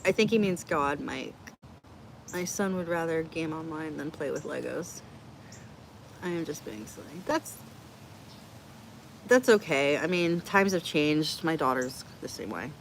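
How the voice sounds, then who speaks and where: A woman's voice: low voice, lively intonation, measured pace, creaky, long pauses, a little hiss or hum. A middle-aged woman hosting a casual live Q&A, chatty, blunt and joking as she reacts to comments from her viewers. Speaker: livestream host answering chat.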